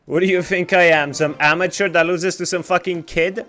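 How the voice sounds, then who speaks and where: A man's voice: fairly high pitch, moderate pace, few pauses, fairly bright tone, faint music behind. A young man streaming games live, chatting casually and trash-talking with lots of swearing. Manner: profane, trash-talking banter.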